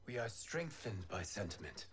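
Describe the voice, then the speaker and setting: A man voicing a calm, wise male wind god in a video game cutscene, speaking in a measured, solemn way. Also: fairly low pitch, over a noisy crowd.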